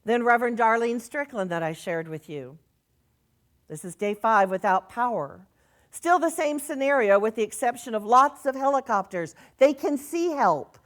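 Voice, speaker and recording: A middle-aged woman minister giving an earnest sermon, reading messages aloud and softly repeating reassuring phrases. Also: fairly high pitch, lively intonation, normal speed.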